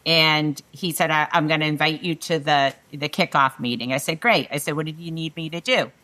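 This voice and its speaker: A middle-aged woman with a bright, forceful tone and a voice that sits on the lower side. She tells stories in a lively way and slips into the voices of the people she quotes. It sounds like a relaxed panel conversation. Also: fairly quick. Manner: animated storyteller who acts out quoted dialogue. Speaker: guest.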